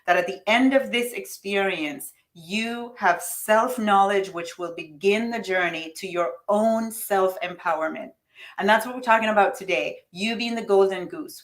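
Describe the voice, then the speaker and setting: A woman with a lot of energy leads a live online coaching session on money mindset. She speaks emphatically and directly to her viewers, as if each one were in the room with her. Now and then she reads their typed comments back to them. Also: mid-range voice. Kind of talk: live-streamed motivational coaching talk.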